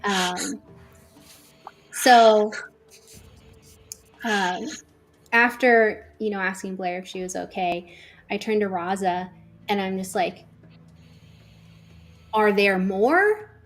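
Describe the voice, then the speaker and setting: A woman's voice: mid-range voice, steady tone, slow, long pauses, soft background music. A woman playing a nervous character in a tabletop game, talking with an anxious, giggly manner. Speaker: player.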